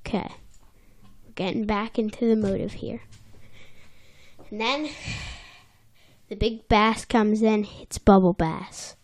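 A woman's voice: medium pitch, fairly even intonation, slow pace, pauses often, a little mellow. A woman co-hosting a casual podcast from a small office, recapping an episode and playfully acting out characters. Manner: playful, acts out characters in bursts. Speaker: podcast co-host.

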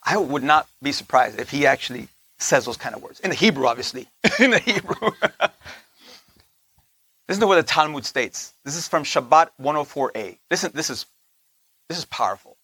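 A man giving a conversational sermon, often checking in with listeners with "right?", slowing down on key points and dropping into soft asides. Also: a little high, big pitch swings, slightly rough. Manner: slows down to stress points, laughs between lines. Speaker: teacher of a Torah portion.

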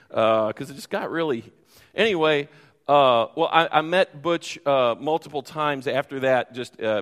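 A man's voice: mid-range voice, fairly bright tone. A middle-aged man preaching a sermon, telling a long personal story with many fillers and restarts. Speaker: pastor. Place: church sanctuary. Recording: long hall reverb.

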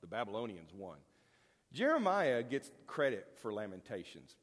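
A man's voice: on the low side, very animated, normal speed, husky. A man teaching a Bible lesson in a folksy, conversational, joking way. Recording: long hall reverb.

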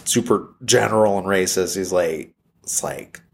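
A man's voice: deep voice, a little slow, creaky. A man casually retelling a film's plot, rambling with lots of fillers. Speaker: film plot recapper.

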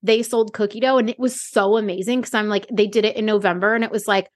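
Mom in her 30s, chatty podcast cohost, voice jumps way up when she quotes people. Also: fast. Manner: animated storyteller, acts out quotes with big pitch jumps. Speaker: podcast co-host. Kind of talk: casual chat.

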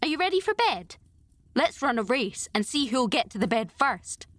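A woman voicing an excited, imaginative young girl who speaks rapturously and with lofty dignity. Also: high-pitched, moderate pace, dry recording, voice pushed up. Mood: dignified.

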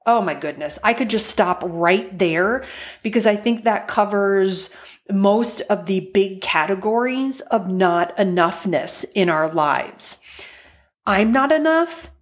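A woman hosts her own podcast as a life coach, speaking at a slow, unhurried pace. Her manner is chatty and encouraging. She often slips into little acted-out versions of listeners' everyday complaints. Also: medium pitch. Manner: chatty, encouraging, acts out quoted thoughts. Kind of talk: solo podcast talk.

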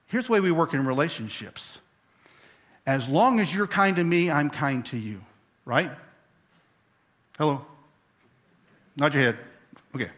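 High-voiced pastor preaching a sermon. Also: male voice, a bit bright. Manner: conversational, acts out voices, asks the congregation.

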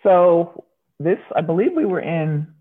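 Unhurried and slightly rough, her voice on the low side, the former Olympic shot putter tells animated stories in an interview, performing the voices of the people in them. The recording sounds narrow, like a phone.

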